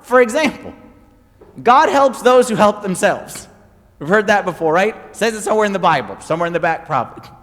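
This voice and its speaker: A man preaching a sermon as pastor, telling stories with animated, emphatic repetition. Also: very high voice, in a large hall.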